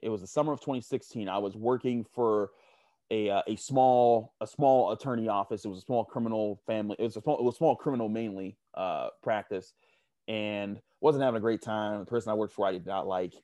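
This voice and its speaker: Low-pitched man guest, rambling storyteller, dry close sound. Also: a little fast, dark tone, no room sound. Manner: rambling, many restarts and fillers. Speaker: sports media guest. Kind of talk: casual storytelling interview.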